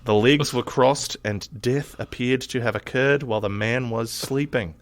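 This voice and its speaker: A man's voice: medium pitch, normal speed, no echo, close to an everyday voice. A man reading an old newspaper report aloud in an exaggerated put-on Australian accent. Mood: hammy. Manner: exaggerated, loud, hammy reading.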